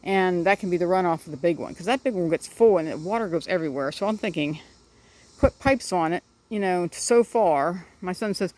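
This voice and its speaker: A woman's voice: lowish voice, a little fast, a little mellow. A middle-aged woman rambling casually about her backyard garden and chickens, chatting to her birds as she films on a phone outdoors.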